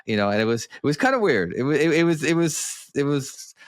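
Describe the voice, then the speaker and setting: A man's voice: on the high side, sing-song, brisk, no room sound, clean studio sound. A man co-hosting a podcast, chatting casually and rambling with lots of restarts. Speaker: podcast co-host. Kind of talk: casual chat.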